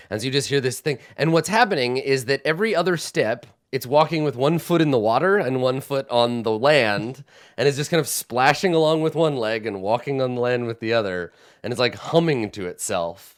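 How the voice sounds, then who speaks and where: A man narrating a tabletop game as game master, unhurried and searching for words as he describes. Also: mid-range voice. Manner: unhurried, with many fillers and restarts while describing.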